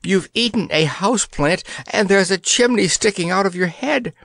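A man voicing a young prince who cries out in a high, anxious voice in a storybook reading. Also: expressive, normal speed, fairly bright tone, no echo, studio quality. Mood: wailing. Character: young male prince, frightened and fretful.

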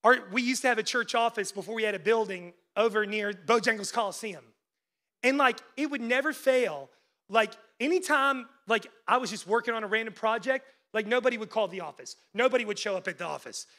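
A male pastor preaching a sermon, swinging between loud, urgent peaks and hushed lows, with casual "like" asides and calls to the congregation. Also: a little fast. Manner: conversational asides with frequent "like" fillers.

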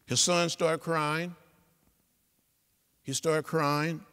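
A man's voice: on the high side, little pitch movement, extremely slow. Older man, inspirational speech, bold tense delivery, repetitive sermon-like rhythm, long hall reverb. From Alabama. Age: 70s. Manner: rhythmic preacher-like oratory with repeated phrases, swelling to loud peaks. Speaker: guest speaker.

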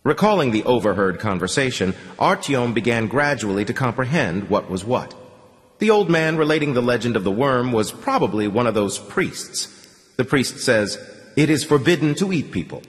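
A man narrating an audiobook in a dramatic, expressive reading style. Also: medium pitch, normal speed. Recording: long reverb on the voice.

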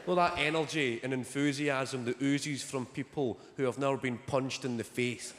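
Sardonic comic in a hall. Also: male voice, medium pitch, moderate pace, heavy background noise. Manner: dry, sardonic storytelling. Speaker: stand-up comedian. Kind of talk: stand-up comedy set. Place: theatre stage before a live audience. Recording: large hall with loud audience laughter.

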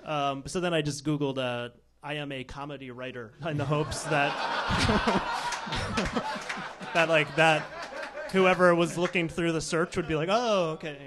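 A man's voice: a little high, unhurried, background noise. Laughing man telling a story. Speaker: podcast co-host. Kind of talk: live comedy podcast banter.

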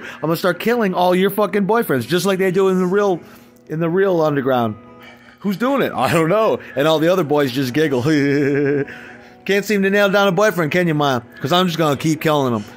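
A man vlogging an angry, profane rant, swinging between low muttering and loud outbursts. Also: normal speed, soft background music.

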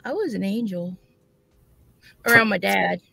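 A woman co-hosts a casual livestream with a gravelly voice that swoops up and down. She talks slowly, teasing and laughing often, and her voice sounds dry and close. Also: medium pitch, expressive, sharp tone, no echo.

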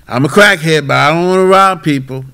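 A man's voice: fairly high pitch, a little fast, bright, forceful tone, clear, resonant tone. A man acting out a desperate male friend who pleads for his money and grows angry when refused. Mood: pleading. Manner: pleading, then cussing.

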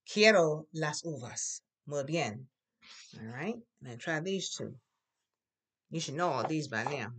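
A teacher running a classroom language drill, patiently prompting the class and loudly modeling words for them to repeat. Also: medium pitch, expressive, unhurried, long pauses, breathy edge. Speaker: Spanish teacher.

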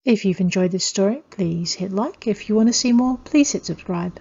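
Woman author narrating dark fantasy. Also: mid-range voice, normal speed, creaky, breathy edge, lo-fi sound. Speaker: author reading her own fiction.

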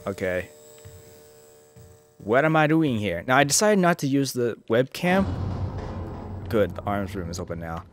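A man casually commenting on his gameplay, joking and swearing and reacting loudly to scares. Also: medium pitch, very animated, a little slow, long pauses, soft background music. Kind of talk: casual let's-play commentary.

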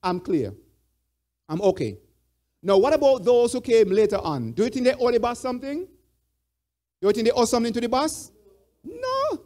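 Man, high voice, church elder, Bible study teaching, repeats points, asks the group to fill in answers. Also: big pitch swings, a little fast, pauses often, dark tone.

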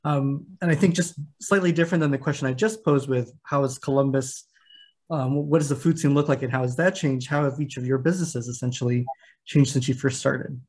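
A man moderating a panel over a video call, at an ordinary middle pitch. He frames ideas in an academic way, pausing on fillers as he goes. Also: steady tone, darkish tone, slightly rough. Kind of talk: panel discussion.

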